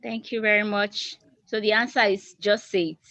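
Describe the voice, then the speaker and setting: A woman's voice: medium pitch, flat delivery, normal speed, a bit bright, no echo. A woman moderating a video call Q&A, reading questions aloud with hesitant restarts. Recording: dull lo-fi video call audio.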